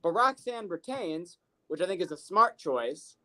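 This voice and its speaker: A podcast co-host in casual chat, telling stories in an animated, profane way full of fillers. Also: medium pitch, unhurried.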